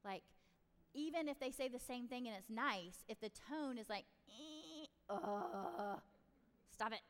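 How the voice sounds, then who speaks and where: A middle-aged woman hosts a parenting podcast, giving casual advice in a chatty, direct way and often acting out lines from parents and children. Her voice is fairly high and a bit bright, at a normal speed, recorded in a large hall.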